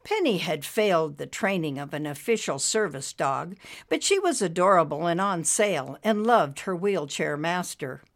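A woman reading a story aloud as narrator, expressive and lively. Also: fairly low pitch, normal speed.

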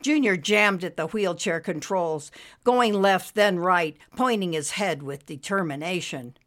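A woman reading a story aloud as narrator, expressive and lively. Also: on the low side, measured pace.

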